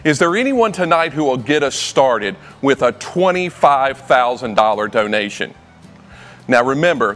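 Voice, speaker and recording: A man's voice: a little high, a bit bright, in a large hall. A man working as auctioneer, making a rousing fundraising appeal in a studio and calling out donation levels.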